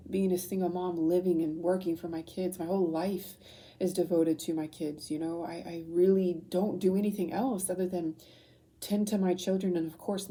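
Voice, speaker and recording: A woman's voice: lowish voice, warm tone, a little hiss or hum. Emotional, rambling woman tarot reader. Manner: rambling, emotional, frequent fillers and restarts. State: choked up. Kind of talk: casual intuitive reading.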